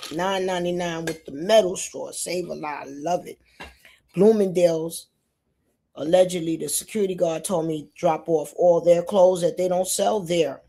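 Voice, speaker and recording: A woman from New York hosting a casual live stream, talking straight to her viewers in a lively way. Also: lowish voice. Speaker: livestream host. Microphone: phone or computer mic.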